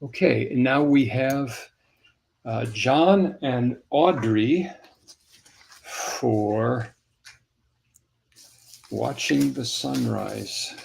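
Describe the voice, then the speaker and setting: A man's voice: mid-range voice, drawn-out words, vocal fry, long pauses, darkish tone, slight background noise. An older man, a comic creator, chatting casually on a livestream, rambling and spelling names aloud as he signs items for fans.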